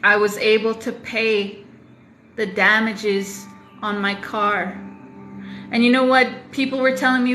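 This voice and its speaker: A woman speaking slowly and deliberately to camera in a confessional vlog, her voice bright and fairly high. She leans on repetition and blunt language to drive her points home. The room is echoey. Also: steady tone, faint music behind. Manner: emphatic, repeats phrases for weight, swears. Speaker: vlogger.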